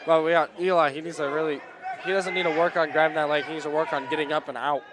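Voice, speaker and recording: A man calls a school wrestling match in a gym, his voice sitting a little high as he chatters along. He is excitable and rambling, quick to apologize for slips. A noisy crowd fills the background. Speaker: play-by-play announcer. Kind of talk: live school sports commentary. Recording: loud gym crowd noise. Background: cheering crowd and shouting coach.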